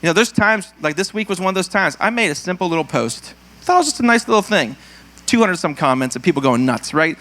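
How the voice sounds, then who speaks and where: A male pastor leading prayer and announcements, playful and quick to laugh at his own jokes, acting out puns in silly voices. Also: high-pitched, lively intonation, fairly bright tone. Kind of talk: church service prayer and announcements.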